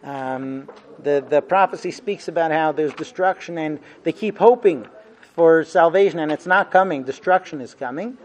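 Guy with a pretty high voice teaching a class, earnest, gets into the quotes. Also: moderate pace. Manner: earnest, dramatizing quoted laments. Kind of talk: explaining liturgy in a lesson.

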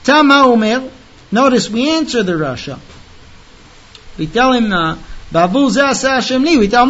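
A man with a high voice teaches a text in a dull, lo-fi recording. He rattles off the Hebrew fast, then slows down to explain each line. He sounds emphatic and talks straight to the listener. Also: animated, a bit bright. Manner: chants the Hebrew quickly, then explains it in plain talk. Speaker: Torah teacher.

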